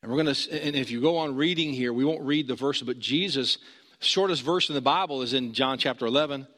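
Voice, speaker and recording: A man preaching a sermon as pastor, earnest, rising high when he urges and dropping low and slow for emphasis. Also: fairly bright tone, in a large hall.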